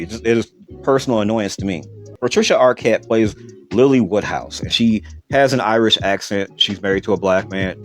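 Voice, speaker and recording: A man rattling through a movie review at high speed, rambling and emphatic, with casual swearing. His voice sits on the low side, and faint music plays under his talk. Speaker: podcast host and film reviewer.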